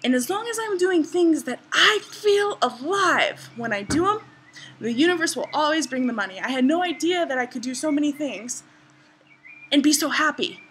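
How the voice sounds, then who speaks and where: Bubbly high-voiced woman vlogging outdoors. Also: expressive, moderate pace, a bit bright, a little hiss or hum. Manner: bubbly, enthusiastic storytelling. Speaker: vlogger and travel writer. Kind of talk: casual vlog to camera. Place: outdoors in a garden.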